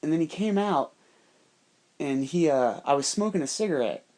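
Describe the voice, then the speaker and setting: A man's voice: fairly high pitch, animated, normal speed, darkish tone. A man telling a rambling, heavily profane story in a casual, conspiratorial monologue.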